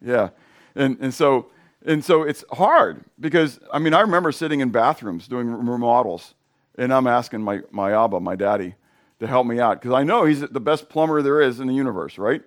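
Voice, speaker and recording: Hoarse man preaching a casual sermon. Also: medium pitch, moderate pace. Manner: conversational, asks the congregation questions. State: hoarse from sinus drainage. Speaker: pastor.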